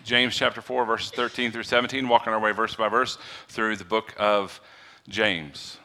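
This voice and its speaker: A man, a pastor, preaching a sermon in a conversational way that builds to loud, excited delivery. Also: on the low side, normal speed.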